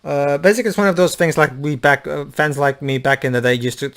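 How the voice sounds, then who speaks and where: A man's voice: fairly high pitch, steady tone, quick pace, fairly bright tone. A man playing a video game and chatting with friends, rambling through trivia with many restarts. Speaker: game player and commentator. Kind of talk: let's play commentary chat.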